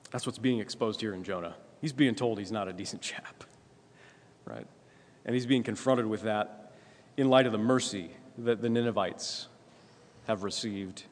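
A man preaching a sermon in a conversational way, often asking "right?" and clearing his throat. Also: lowish voice. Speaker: pastor. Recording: long hall reverb.

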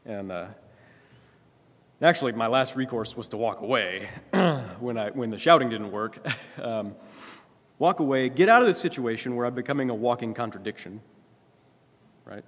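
A man preaching a sermon in a conversational way, often asking "right?" and clearing his throat. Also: medium pitch, lively intonation, moderate pace. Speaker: pastor. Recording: long hall reverb.

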